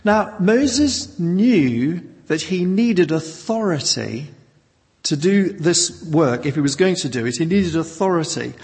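A man delivering a measured, emphatic sermon, stressing single words to drive each point home. His slightly high voice carries a gravelly edge. The sound rings with the long reverb of a church hall. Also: animated, a little mellow. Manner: measured, emphatic teaching with pauses. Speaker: preacher.

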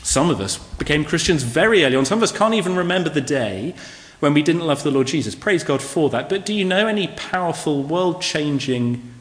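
A man's voice: fairly high pitch, animated, fairly quick. Man, preacher, conversational sermon, rhetorical questions, roomy echo. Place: church hall. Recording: echoey hall with long reverb.

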